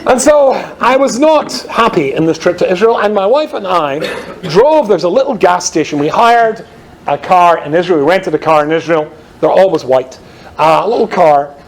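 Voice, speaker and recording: A man's voice: high-pitched, animated, normal speed, creaky. A Scottish man, a rabbi, telling funny stories in a talk with a dry, wry delivery. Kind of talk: humorous storytelling talk.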